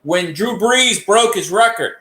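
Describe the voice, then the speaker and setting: A man tells stories in a loose livestream chat, his high voice bright and cutting. He rants and curses freely, and the sound bounces around an echoey room. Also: a little slow. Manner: animated storytelling with rants and cursing.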